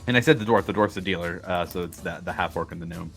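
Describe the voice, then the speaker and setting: A man's voice: low-pitched, fast talker, gravelly, fairly bright tone, faint music behind. A man narrating as game master of a tabletop game, hesitant and full of fillers.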